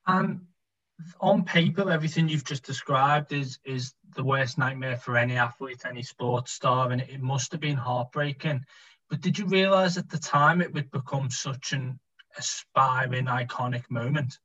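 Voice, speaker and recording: A man's voice: medium pitch, normal speed, fairly bright tone. A man interviewing a guest, asking questions in a friendly, light conversational way. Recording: dull lo-fi recording.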